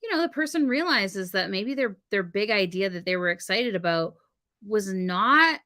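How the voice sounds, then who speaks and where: A woman co-hosting a casual live-stream conversation, telling animated stories and acting out the exchanges she describes. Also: medium pitch, moderate pace. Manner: animated storytelling, acts out quoted exchanges. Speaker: podcast co-host and wedding officiant. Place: home studio on a live stream.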